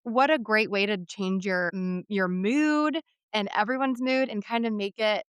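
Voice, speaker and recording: A woman's voice: mid-range voice, measured pace, clear, resonant tone, dry recording. A woman in her thirties hosting a podcast, talking in a candid, conversational way with lots of fillers. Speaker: podcast host. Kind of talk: casual interview chat.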